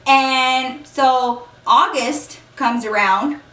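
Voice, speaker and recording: A woman's voice: high-pitched, very slow, a bit bright, echoey room, recorded from a distance. A young woman in a storytime vlog, animatedly telling a personal story and acting out the dialogue. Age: young adult. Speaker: vlogger.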